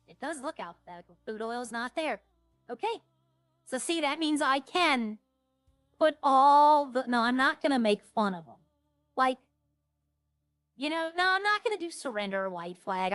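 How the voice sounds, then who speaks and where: Recorded with clean studio sound and no room echo, a woman streams a roleplay game while chatting casually, rambling and restarting thoughts she's let trail off. Her high-sitting voice is expressive and fairly bright, at a moderate pace, with faint music behind.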